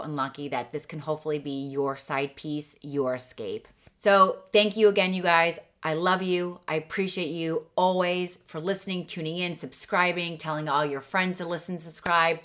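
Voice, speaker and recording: A woman's voice: sits low, fairly bright tone. A woman podcast host speaking enthusiastically and effusively to her listeners. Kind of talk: podcast sign-off.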